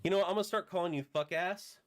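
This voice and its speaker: A man streaming a video game, chatting casually and bantering with viewers, his voice a bit hoarse from a recent illness. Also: sits high, fast, no echo. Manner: joking, bantering with chat.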